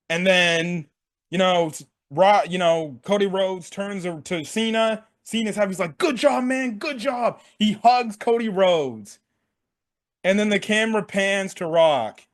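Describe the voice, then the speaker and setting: A young man casually recapping a wrestling event for his sports channel, slangy and excitable, laughing and acting out what people said. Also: high voice. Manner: excitable, slangy, laughs a lot, acts out quotes. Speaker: sports commentary vlogger.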